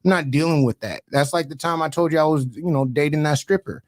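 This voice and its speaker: A man's voice: a little high, quick pace. Slangy young man telling stories. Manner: animated, slangy storyteller. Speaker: podcast host. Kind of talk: casual storytelling chat. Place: podcast studio.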